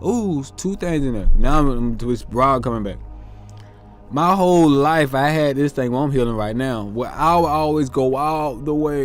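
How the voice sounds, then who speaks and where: A man's voice: mid-range voice, animated, moderate pace, faint music behind. A man hosting a reflective motivational monologue, earnest and self-questioning, drawing out his words as he muses. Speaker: host.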